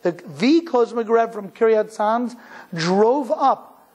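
A man's voice: high-pitched, lively intonation, slow, a little mellow, husky. A man from Cleveland, Ohio, a rabbi telling a personal story in a sermon, speaking in an emphatic, earnest way and repeating phrases for emphasis. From Cleveland, Ohio, USA.

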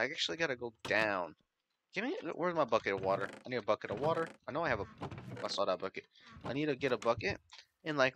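A man with a bright, forward voice at a middle pitch talks through his gameplay in a loose, casual way. He rambles, thinks out loud and breaks into startled exclamations. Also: slight background noise. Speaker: gaming channel host.

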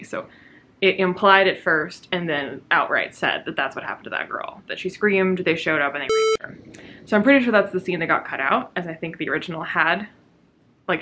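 A woman's voice: on the low side, very noisy. Sarcastic, swearing woman book vlogger. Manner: sarcastic, swears freely, laughs often. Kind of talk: casual reading vlog. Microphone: camera mic.

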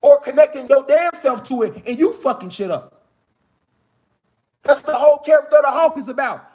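High-voiced man preaching hard, outdoors. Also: expressive, a little fast. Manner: street slang, builds to shouted emphatic preaching. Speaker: online spiritual speaker. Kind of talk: preaching-style monologue. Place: outdoors in the mountains.

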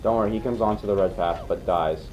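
A young man co-hosting a let's play, giving casual gameplay commentary, excitable and teasing, swearing freely. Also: on the low side, fast talker, over music, low-quality recording.

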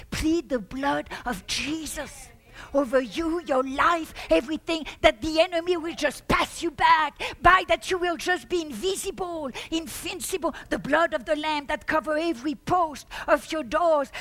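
Woman pastor, fiery sermon delivery, high bright voice, slow deliberate pace. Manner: fervent preaching with shouts and exclamations; repeats words for emphasis.

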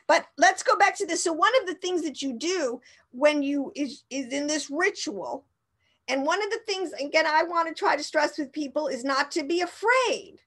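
Woman Bible teacher, high voice, rambling and emphatic. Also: expressive, normal speed, a bit bright. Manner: rambling, emphatic, with frequent restarts and laughs. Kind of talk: informal teaching talk.

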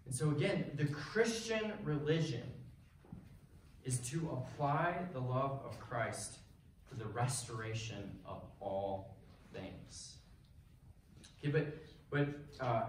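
A man's voice: mid-range voice, slow pace. Young male preacher in an echoey hall. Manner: casual, filler-heavy, checks in with "right?" and "okay?". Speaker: youth preacher. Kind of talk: sermon. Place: church hall. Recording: very echoey hall, mic far off, faint noise.

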